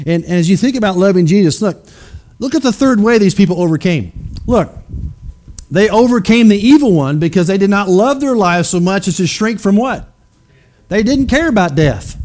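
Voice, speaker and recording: A man's voice: high-pitched, big pitch swings, normal speed, a little mellow. A man preaching a sermon, emphatic and questioning his congregation directly. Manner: acts out skeptics in mocking voices.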